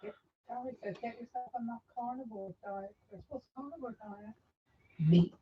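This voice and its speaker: A woman's voice: fairly high pitch, moderate pace, dull audio, a little hiss or hum. A woman off camera dropping brief, dry interjections into the conversation. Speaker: off-camera companion.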